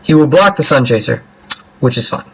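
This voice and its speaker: A young man casually commentating his own card game as he plays, joking and thinking out loud. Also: mid-range voice, lively intonation, moderate pace, vocal fry, breathy edge, poor audio. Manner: playful, jokey, talks to himself while playing. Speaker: gameplay commentator.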